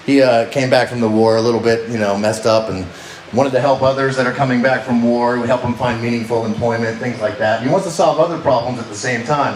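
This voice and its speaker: A man's voice: mid-range voice, distant mic. Guy doing stand-up on stage, talks easy and loose, keeps checking w the crowd, echoey club room w faint hiss. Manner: conversational, asks the crowd "right?" a lot. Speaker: stand-up comedian. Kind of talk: stand-up comedy set. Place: comedy club stage with live audience. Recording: roomy live venue, faint noise.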